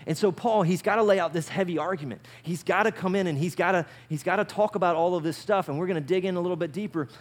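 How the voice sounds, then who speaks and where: A male pastor preaching a sermon in an animated way, often asking his listeners questions. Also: high voice, fast talker, hardly any pauses. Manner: animated, asks the audience questions.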